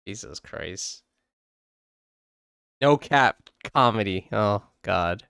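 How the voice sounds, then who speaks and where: A man hosts a casual drawing livestream with a smooth, clear voice. He jokes and sounds exasperated, swearing freely as he chats. The recording is close and dry. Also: fairly low pitch, expressive, drawn-out words, a bit bright, no room sound. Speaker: livestream host. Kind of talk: casual chat while drawing.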